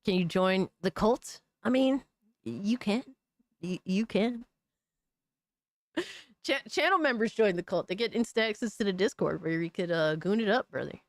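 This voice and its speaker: On her gaming news live stream, a woman with a mid-range, animated voice talks at a moderate pace in a dry recording. Chatting with viewers, she's loose, profane and quick to laugh, calling people brother and dog.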